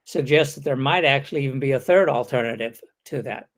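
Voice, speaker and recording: A man delivering a webinar lecture over a video call, his voice at an ordinary, middle pitch for a man. He explains things patiently and step by step. Now and then he reads an example question aloud, shifting his intonation to show the contrast. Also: brisk, hardly any pauses. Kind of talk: online lecture.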